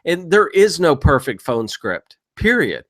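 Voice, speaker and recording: A man walking viewers through real estate software in a screen-share tutorial, talking casually and coaching them through sample phone calls. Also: a little high, very animated, measured pace.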